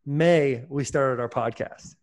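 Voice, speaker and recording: A man's voice: mid-range voice, slow pace, a little mellow. A man hosting a podcast in loose, joking, casual chat, swearing freely. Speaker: podcast host.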